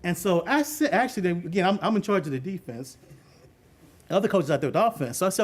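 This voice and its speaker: A middle-aged man with a high voice tells a story from coaching youth football. He is animated, laughs often and acts out the voices of the people in his story. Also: fast talker. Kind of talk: storytelling talk on leadership.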